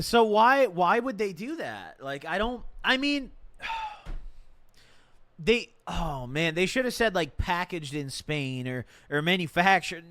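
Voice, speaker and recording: A man on a live stream, musing in loose slangy chat and circling back over his own points. His voice sits a little high and swings up and down freely. The sound is dry and close, with no room echo. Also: fairly bright tone. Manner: rambling, repeats himself, slangy; reads a legal document aloud and reacts. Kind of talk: casual stream commentary.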